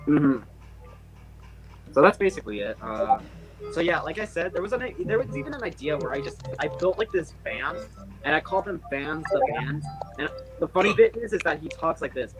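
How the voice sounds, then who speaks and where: Casting: young man, casual rambler, a bit high-pitched, lots of "like" and restarts. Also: very animated, normal speed, music in the background, rough recording. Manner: rambling, many fillers and restarts. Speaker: channel host. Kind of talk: casual group call chat.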